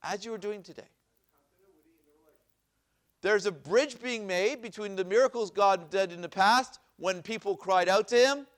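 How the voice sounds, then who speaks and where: In a synagogue classroom, a rabbi delivers a Bible lecture, reading Hebrew verses out loud and asking and repeating questions for his audience. His high-pitched voice moves a little slowly, broken by long pauses.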